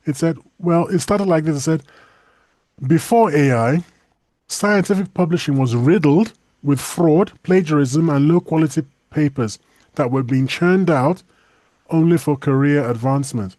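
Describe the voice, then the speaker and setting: Chatty podcast guy, kinda high voice, laughs a lot, trips over his words. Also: unhurried, dry recording, clean studio sound. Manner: chatty, animated, laughs often, stumbles and restarts. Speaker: co-host. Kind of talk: casual podcast discussion.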